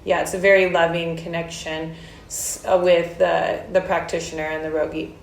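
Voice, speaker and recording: A woman's voice: fairly low pitch, flat delivery, normal speed, gravelly, slight background noise. A woman from Hawaii, an Ayurvedic practitioner, talking casually in an interview with frequent fillers and restarts. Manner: warm storytelling with hesitant fillers. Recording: roomy echoey sound.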